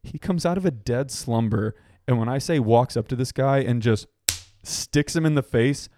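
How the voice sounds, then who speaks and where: A man's voice: mid-range voice, moderate pace, warm tone, slight background noise. A man, telling a wild story on a casual podcast, swearing and laughing often. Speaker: podcast co-host.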